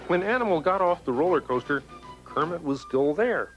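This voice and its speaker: A man reads a children's storybook aloud with a high, bouncing voice that climbs and dips a lot. Soft music plays faintly under his narration. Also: moderate pace, poor audio. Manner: animated, expressive storytelling. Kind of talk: scripted read-aloud narration.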